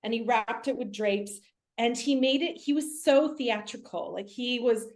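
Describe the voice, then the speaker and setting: A woman, a medium and spiritual teacher, tells a story in a lively, casual way over a video call, with many "like" fillers. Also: on the high side, measured pace.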